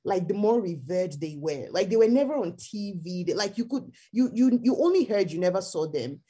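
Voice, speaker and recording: A woman's voice: mid-range voice, expressive, normal speed, warm tone, breathy edge. A woman co-hosting a podcast in casual chat, explaining her views at length in a thoughtful, storytelling manner. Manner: thoughtful storytelling with acted quotes. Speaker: podcast co-host.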